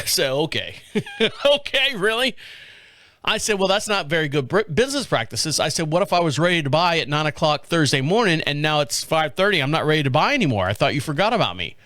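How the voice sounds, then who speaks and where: Animated man telling a story on a podcast. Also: a little high, dry recording, studio quality. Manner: animated, acts out quoted voices, laughs often. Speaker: podcast host. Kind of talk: casual storytelling monologue.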